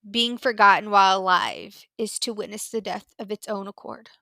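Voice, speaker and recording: Lady reading a gentle patient older guy, soothing, mid voice, no room echo. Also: medium pitch, fairly even intonation, moderate pace, vocal fry. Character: gentle, steady older man offering comfort. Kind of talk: fan fiction audiobook reading.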